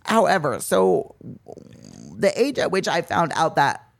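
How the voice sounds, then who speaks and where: Animated young man chatting on a podcast. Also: high voice, a little slow, gravelly, dry recording. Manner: animated, dramatic, exaggerated outbursts. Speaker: podcast host. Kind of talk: casual chat. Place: Venice, California.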